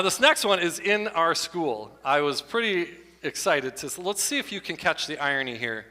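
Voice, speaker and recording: A middle-aged man doing stand-up comedy with slides at a church show, animated and breaking into loud exclamations. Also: fairly high pitch. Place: church hall before an audience. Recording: long hall reverb.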